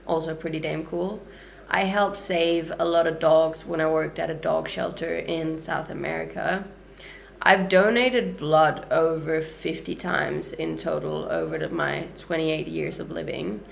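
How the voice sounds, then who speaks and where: Chatty woman in her thirties, mixed Danish-Canadian-Australian accent, slight fry. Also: sits low, unhurried, a little hiss or hum. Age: 30s. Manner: upbeat, chatty, frequent light laughs. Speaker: livestreamer. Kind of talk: casual livestream chat answering viewer comments. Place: home kitchen.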